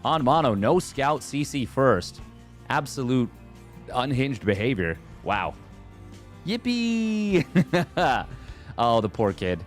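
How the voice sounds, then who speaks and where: Man, esports commentator, casual live commentary, rambling, excitable, middle pitch, faint music behind. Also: a little slow.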